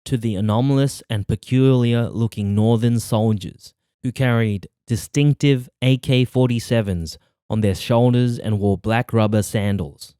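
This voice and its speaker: A man reading a novel aloud as an audiobook narrator in measured, even storytelling. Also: medium pitch, clean tone, no echo, studio quality. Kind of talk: scripted narration.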